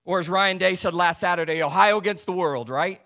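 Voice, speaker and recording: Male pastor, sermon, fairly high voice, punchy emphasis, frequent rhetorical questions, drops low and soft for asides. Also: fairly quick, vocal fry. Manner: swings between loud stresses and quiet low asides.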